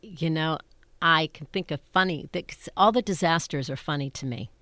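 An older woman, a stage actress, telling funny backstage stories in an animated, laughing way that keeps interrupting itself. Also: sits low, normal speed, no room sound. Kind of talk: anecdotal storytelling.

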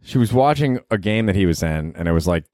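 A man's voice: sits low, animated, quick pace, a little mellow, dry recording, clean studio sound. A young man hosting a comedy podcast, rambling and cursing in a self-mocking way. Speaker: podcast host. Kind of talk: casual comedic monologue.

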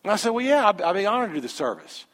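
A man, a pastor telling a story in a sermon with animated, conversational quoted dialogue. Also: high voice, very fast. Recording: long hall reverb.

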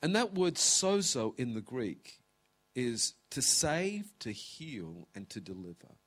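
A man's voice: mid-range voice, big pitch swings, fairly bright tone. A man in his fifties preaching a sermon in an auditorium, emotional and close to tears, dropping to whispers. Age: 50s. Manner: emotional, tearful preaching with dramatic pauses and whispers. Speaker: pastor. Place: large auditorium.

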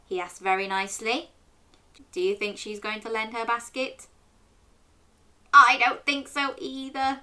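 A woman's voice: a little high, moderate pace. A woman in her thirties hosting a children's story show, reading a picture book aloud and asking the young listener questions. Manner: animated, asks the listener questions and waits for answers.

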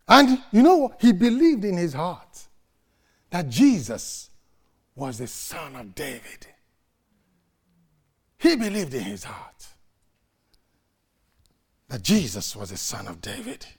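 Preacher man, dramatic sermon delivery, slow paced, loud-to-soft swings. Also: high voice, wildly swooping pitch, breathy edge. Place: church service.

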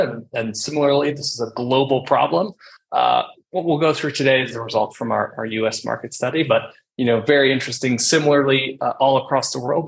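Gravelly man presenting a webinar. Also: mid-range voice, low-quality recording. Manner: casual, many ums and uhs. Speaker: software company presenter, webinar host.

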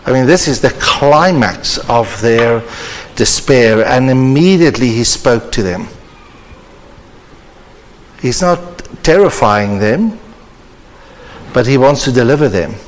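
A man delivering a sermon with earnest, measured preacherly emphasis at a conference. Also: medium pitch, slight background noise. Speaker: conference speaker. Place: church hall. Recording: reverberant church hall.

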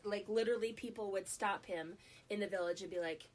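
A woman's voice: mid-range voice, brisk. A middle-aged woman, a guest on a talk show, telling a story in a casual way with lots of fillers and restarts. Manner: lively, with frequent fillers and restarts.

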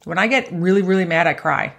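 Chatty woman with a lowish voice. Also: brisk, vocal fry, a bit bright. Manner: chatty, often asks "right?", laughs easily; acts out inner voices in quotes. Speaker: golf mental coach. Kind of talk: conversational motivational talk.

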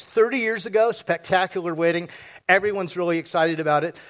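A man preaching a sermon to his congregation, joking and quizzing the audience as he goes. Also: sits high. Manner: joking, audience-engaging, fast and lively. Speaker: pastor. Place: church sanctuary before a congregation.

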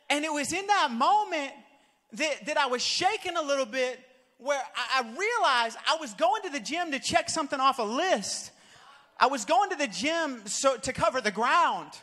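A young adult man, a pastor, preaching with animated, jokey storytelling that builds to shouted exhortation. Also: very high voice. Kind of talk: sermon with storytelling. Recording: long reverb of a large hall.

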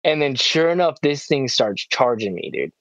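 A male podcast co-host telling a story in a casual chat, excitable and animated, with lots of "like" and "dude". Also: medium pitch, moderate pace, dry recording, muffled recording.

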